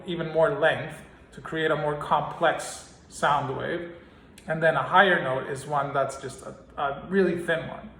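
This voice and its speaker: A man with a somewhat high, slightly bright voice teaches a singing lesson, explaining through analogies and singing scale exercises. The recording sounds roomy, with a piano in the background.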